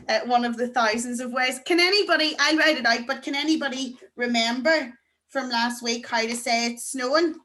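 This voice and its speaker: A woman teaching to beginners over a video call, chatty and encouraging, slowing down to pronounce words. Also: sits high, bright, forceful tone. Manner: chatty, encouraging, slow deliberate pronunciation. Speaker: Irish language teacher. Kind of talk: online beginner class.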